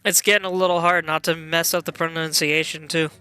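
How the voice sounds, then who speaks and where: A man's voice: fairly high pitch, flat delivery, brisk, pushed and bright, smooth, soft background music. A man giving casual game commentary in a chatty, self-deprecating way. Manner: chatty, self-deprecating, laughs at own slips. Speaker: let's play host.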